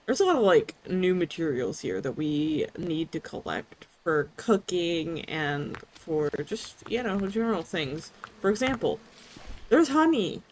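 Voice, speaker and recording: A woman's voice: mid-range voice, a little hiss or hum. A woman streaming a cozy video game, chatting casually, thinking aloud and giggling often. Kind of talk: casual gameplay commentary.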